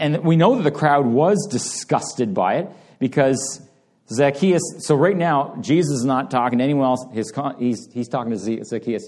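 A man's voice: medium pitch, dark tone. A man preaching a sermon in a conversational way, acting out the crowd's reactions and speaking to members of the congregation directly. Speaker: pastor.

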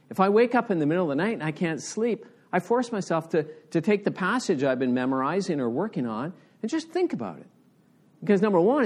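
Middle-aged male pastor, earnest conversational sermon, animated pitch. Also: breathy edge. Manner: earnest, conversational preaching with rising emphasis.

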